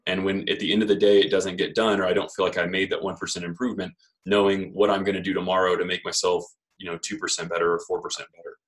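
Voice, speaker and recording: Deep, flat-voiced male coach. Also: fast, poor audio. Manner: steady, encouraging advice. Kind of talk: coaching feedback.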